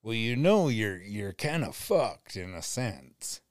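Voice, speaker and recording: A man with a very low voice talks slowly through a relaxed podcast chat. He laughs often and swears freely while telling work stories, and the sound is dry and close. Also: no echo. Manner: laid-back, laughs often, swears casually. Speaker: podcast co-host. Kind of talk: casual chat.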